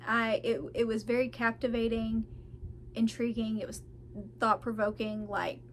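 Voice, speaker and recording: A woman's voice: a little high, flat delivery, moderate pace, slight background noise. A woman, a parent with kids, chatting casually and enthusiastically about books she read, laughing often. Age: adult parent of children. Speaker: book vlogger. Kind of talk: casual book review chat.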